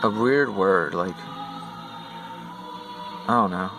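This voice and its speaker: A man's voice: low voice, slow pace, rough recording. A man casually retelling a dream, rambling with many fillers and speaking straight to his viewers. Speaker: storyteller. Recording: music playing behind.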